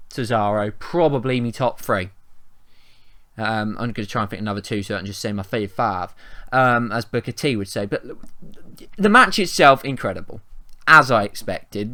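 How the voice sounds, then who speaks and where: A man's voice: medium pitch, sharp tone. An English man giving a rambling, chatty wrestling review, often restarting his sentences and swearing casually. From England.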